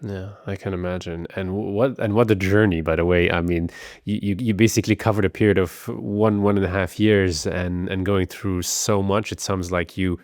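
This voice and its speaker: A man's voice: deep voice, fairly even intonation, normal speed, darkish tone, no echo, clean studio sound. A man hosting a podcast, asking sympathetic questions with stammering restarts. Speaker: podcast host. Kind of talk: interview questions.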